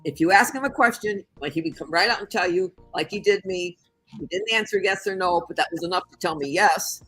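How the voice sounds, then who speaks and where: An older woman from the Chicago area, a guest in an interview, telling a story with lively acted-out voices. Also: lowish voice, a little fast, slightly rough, no room sound, faint music behind, rough recording. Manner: animated storyteller who acts out the voices in her story.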